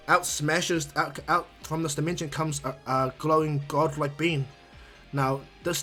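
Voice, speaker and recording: A man's voice: on the high side, pushed and bright. A man casually narrating a fan-made anime story for his channel, rambling, restarting words and adding "you know". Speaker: YouTube storyteller.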